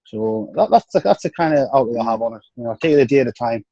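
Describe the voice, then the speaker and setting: A man's voice: animated, fast talker, dark tone, no room sound. Tired-sounding North East English man. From North East England. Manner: frank, easygoing, drops into low tired tones. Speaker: guest bodybuilder. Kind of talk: casual podcast interview. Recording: dry, dull lo-fi sound.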